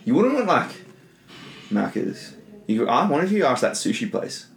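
A man's voice: medium pitch, very animated, creaky, echoey room, a little hiss or hum. A young man co-hosting a casual chat, blunt and full of swearing. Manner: blunt, swears a lot, quick reactions. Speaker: podcast co-host.

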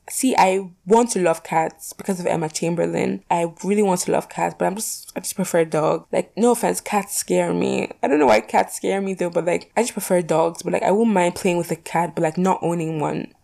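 A young woman talks casually to her camera, working through poll questions in a rambling, filler-heavy way with the odd swear word. Her voice sits a little low, with a mellow, darker tone and plenty of gravelly fry. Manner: chatty, rambling, lots of "like" and "you know", swears casually. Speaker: vlogger.

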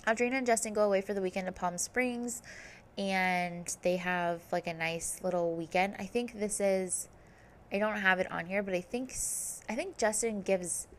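A woman's voice: mid-range voice, fairly even intonation, moderate pace, slight background noise. A woman hosting a podcast, recapping a reality TV season in casual chat, full of "like" and "um". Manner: chatty, fillers like "like" and "um". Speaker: podcast host.

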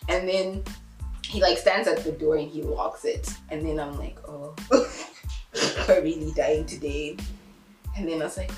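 At a measured pace, a young woman tells a casual story in an echoey room as soft music plays behind her. She performs everyone's lines with wide swings in pitch and laughs throughout.

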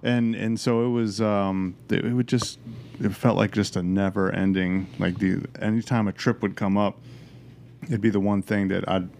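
Male, father, deep gravelly voice, halting casual delivery. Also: fairly even intonation, darkish tone, a little hiss or hum. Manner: halting, restarts often. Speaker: father of a son. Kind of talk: casual chat.

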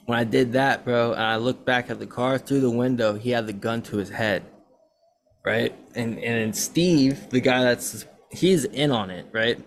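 A young man hosts a podcast and tells a long story in loose casual chat. His voice sits at an ordinary middle pitch, and he rambles and curses freely as he acts out what others said. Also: a little slow. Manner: rambling, profane, animated retelling. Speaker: podcast host.

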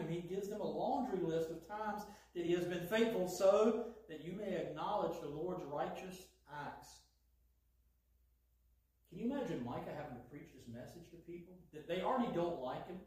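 A man preaching a sermon in an animated way, taking on a sarcastic edge when he voices God's lines. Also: sits high, normal speed. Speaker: pastor. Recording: echoey hall, voice from far off.

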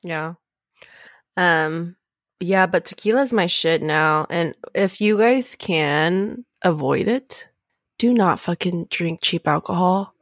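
A woman's voice: fairly low pitch, slow, dry recording, clean studio sound. A young adult woman co-hosting a podcast in casual chat, blunt and emphatic with a lot of swearing. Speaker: podcast co-host.

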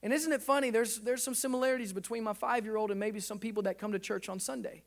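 A man in his thirties, a pastor, preaching a sermon with animated delivery and acted-out dialogue. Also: high voice, fast talker, gravelly.

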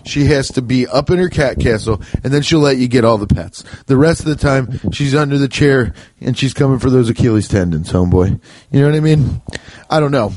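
A young adult man hosting a podcast alone, telling rambling, profane, joking stories and putting on quick voices for the people in them. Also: medium pitch, a little mellow. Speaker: podcast host. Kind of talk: casual rambling monologue.

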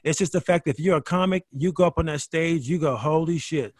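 A man with a fairly high voice tells comedy-club stories in a loose, animated way. He swears, trips over his restarts and keeps pushing forward. The sound is dry and close, with no room in it. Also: quick pace, dry recording. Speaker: guest comedian. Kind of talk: casual podcast conversation.

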